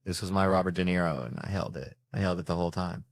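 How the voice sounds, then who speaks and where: A man performing stand-up comedy, telling stories in an animated, profane way. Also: low voice, quick pace, creaky, no room sound, studio quality.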